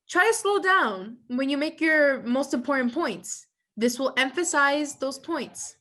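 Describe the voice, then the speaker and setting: A woman with a high voice leads a training presentation. She reads slide text aloud and then explains it in her own words. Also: expressive, moderate pace, pushed and bright. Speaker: debate judge trainer. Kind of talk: instructional presentation.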